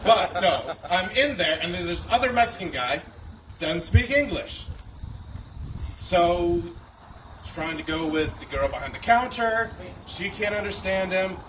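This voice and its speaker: A man's voice: high-pitched, lively intonation, a little slow. A young man performing a stand-up set, telling conversational, self-deprecating stories. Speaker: stand-up comedian. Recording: distant mic with loud background noise.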